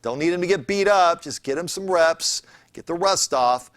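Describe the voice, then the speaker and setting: A sports show host, male, talks with energy, strong opinions and chattiness before moving on to interview a guest. His voice sits on the high side at a moderate pace, and the recording is dry.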